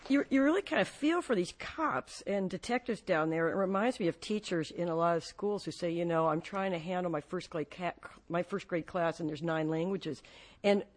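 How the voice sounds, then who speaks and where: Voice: mid-range voice, normal speed, slight background noise. An interviewer asking thoughtful questions with some hesitations and restarts. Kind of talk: radio interview.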